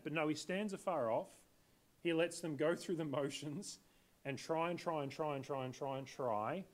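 A man's voice: a little high, normal speed. A man preaching a sermon in a conversational way, often asking his listeners questions. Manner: conversational, asks the congregation questions.

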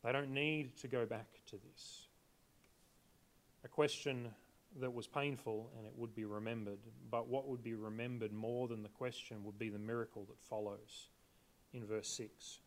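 A man's voice: mid-range voice, steady tone, moderate pace. A man preaching a sermon in a conversational way, often asking his listeners questions. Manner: conversational, asks the congregation questions.

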